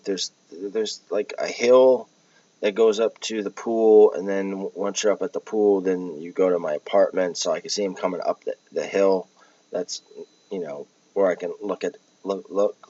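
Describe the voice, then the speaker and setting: A man casually telling a dream story, halting with restarts and fillers, often clearing his throat. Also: low-pitched, a little mellow. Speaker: podcast host telling a dream. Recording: dull lo-fi dry recording.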